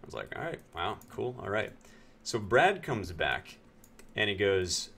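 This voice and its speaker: Low-voiced man telling a story. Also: a little slow, vocal fry, a little hiss or hum. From Pennsylvania, US. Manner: animated, acts out other people's lines in quotes. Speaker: game streamer. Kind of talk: casual storytelling.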